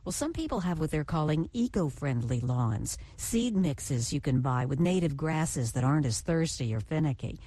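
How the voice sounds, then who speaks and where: A woman's voice: low-pitched, expressive, normal speed, few pauses, warm tone, slightly rough, no echo. A woman correspondent delivering a scripted news feature in a conversational tone with playful questions.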